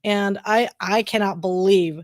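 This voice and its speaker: A woman's voice: mid-range voice, fairly even intonation, unhurried, dry recording, clean studio sound. A bubbly, teasing woman co-hosting a casual live-streamed podcast, promoting an upcoming event. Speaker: podcast co-host.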